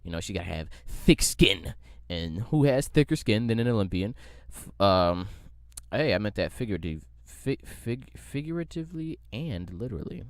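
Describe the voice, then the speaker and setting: A man's voice: on the low side, sing-song, moderate pace, no room sound, clean studio sound. A man hosting his own podcast, ranting and joking in a rambling, profane way. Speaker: podcast host. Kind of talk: casual comedic rant.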